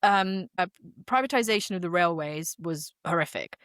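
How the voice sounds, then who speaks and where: A woman's voice: on the low side, animated, normal speed, fairly bright tone, no room sound, clean studio sound. A young English woman co-hosting a podcast, chatting in an emphatic, slangy way. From England. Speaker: podcast co-host. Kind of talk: casual chat.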